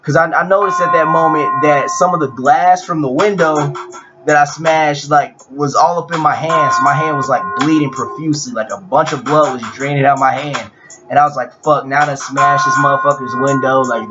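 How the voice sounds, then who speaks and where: Young guy telling a story, laid-back and cussing a lot, dull lo-fi audio with music playing under it. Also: medium pitch. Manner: profane, laid-back, with frequent restarts. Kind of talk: casual storytelling.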